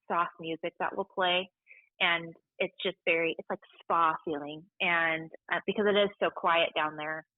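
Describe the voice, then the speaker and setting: A woman who works at a library, telling a story in a chatty, animated way and acting out the people she quotes. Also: fairly low pitch, no room sound. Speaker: library staff member. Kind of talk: casual storytelling interview. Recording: tinny phone-like sound.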